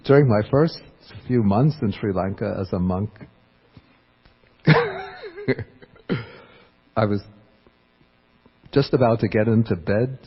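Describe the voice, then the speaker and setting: A man's voice: fairly low pitch, slow pace, pauses often, breathy edge. A man who is a Buddhist monk, telling a personal story in a dharma talk and chuckling often as he goes. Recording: dull lo-fi recording.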